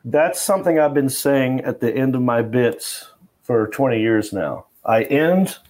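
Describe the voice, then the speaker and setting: Comedian guest, middle-aged man, mid pitch, rambling anecdotes. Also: expressive, a little slow, a little mellow. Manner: rambling anecdotal with fillers and restarts. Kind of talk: casual interview storytelling.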